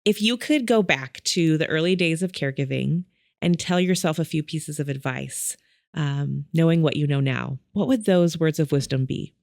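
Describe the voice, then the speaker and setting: A woman hosting an interview, affirming and conversational, with many fillers and soft "mm" responses. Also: sits low, moderate pace, creaky, no echo, clean studio sound. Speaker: podcast host.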